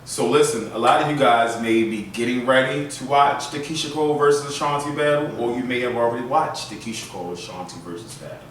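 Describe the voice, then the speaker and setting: A man hosting a casual storytelling vlog, chatting in an animated and loose way full of fillers. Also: medium pitch, fairly quick, few pauses, a little hiss or hum. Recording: very echoey room, mic at a distance.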